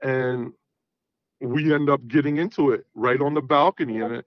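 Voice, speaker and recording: A man's voice: mid-range voice, moderate pace, no room sound. Guy in his 30s calling in, swears a lot, acts out all the quotes, muffled lo-fi sound. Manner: animated, profane, acts out quoted dialogue. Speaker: caller. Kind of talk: casual storytelling on a call-in show.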